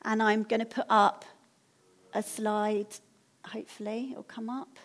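A woman preaching a sermon in a church, speaking in a gentle, earnest and encouraging way. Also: fairly high pitch, flat delivery, unhurried. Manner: gentle, earnest, encouraging appeal with soft laughs.

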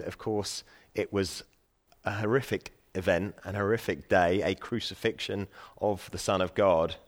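Pastor, male, earnest preaching delivery, slightly low voice. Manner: earnest, emphatic preaching with frequent restarts. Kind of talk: sermon.

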